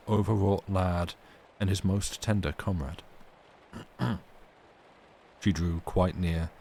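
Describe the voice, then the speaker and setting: A man reading a classic novel aloud on a livestream, steady and measured. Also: low voice, slight background noise. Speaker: reader.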